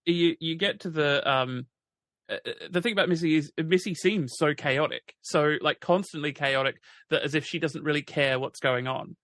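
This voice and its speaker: Male co-host, slightly high, bright voice, eager casual talk. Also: normal speed, no room sound. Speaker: podcast co-host. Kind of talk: casual chat.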